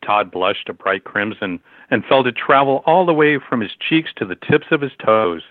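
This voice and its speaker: A man narrating a story in a steady, measured reading over a tinny phone-like line. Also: medium pitch, no room sound.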